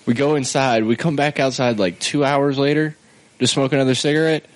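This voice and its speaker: A man's voice: mid-range voice, steady tone, brisk. A man co-hosting a casual podcast, joking, cutting in and laughing often. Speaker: podcast co-host. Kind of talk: casual chat.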